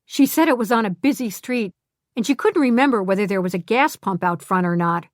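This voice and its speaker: A man's voice: high voice, fairly quick, no echo, clean studio sound, natural voice. A woman voicing a good-humored young man telling an amused story, in an audiobook.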